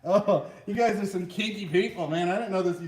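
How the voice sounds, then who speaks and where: A man's voice: high-pitched, fairly quick, darkish tone. A man hosting a casual chat, joking and goofy in his banter. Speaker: host. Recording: echoey room, mic far off, faint noise.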